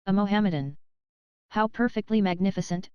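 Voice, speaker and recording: A woman's voice: medium pitch, fairly quick, clean tone, dry recording, dull audio, natural voice. A woman reading the part of an earnest, persistent young Englishwoman in an audiobook. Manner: eager, persistent questioning.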